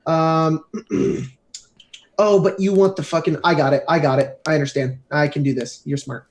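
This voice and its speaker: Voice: medium pitch, steady tone, moderate pace. A player in a tabletop game, talking in a brash way, swearing and laughing often.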